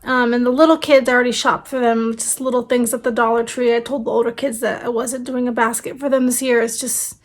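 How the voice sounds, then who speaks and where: A woman's voice: a little high, flat delivery, fairly quick, hardly any pauses. A woman in her thirties, a family vlogger, chatting casually and rambling with fillers, tired and her voice fading. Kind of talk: casual vlog chat.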